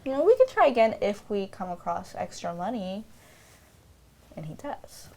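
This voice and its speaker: A woman co-hosting a podcast in casual chat, playful and quick to act out characters, with lots of "like". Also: medium pitch, very animated, a little mellow. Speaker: podcast co-host.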